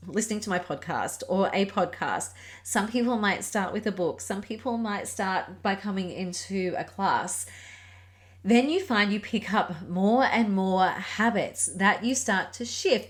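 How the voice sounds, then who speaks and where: A middle-aged woman hosting a reflective solo podcast as a Pilates and yoga teacher, speaking in a gentle, earnest and encouraging way. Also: mid-range voice.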